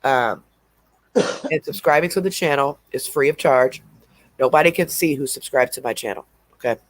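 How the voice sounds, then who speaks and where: A man's voice: mid-range voice, normal speed, no room sound. A man hosting a casual livestream, stuffy and sniffling from allergies, rambling and drawling with laughs between remarks. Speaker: livestream host.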